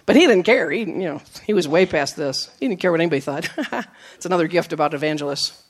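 A woman preacher giving a sermon, telling stories with acted quotes, moving from emphatic lines to soft, low asides. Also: expressive, fast talker, breathy edge. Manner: storytelling, with acted quotes and laughs.

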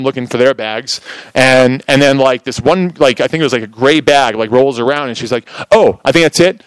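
A man preaching in a casual sermon, telling a testimony in an animated, storytelling way, with lots of "like" fillers. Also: mid-range voice, dry recording, rough recording.

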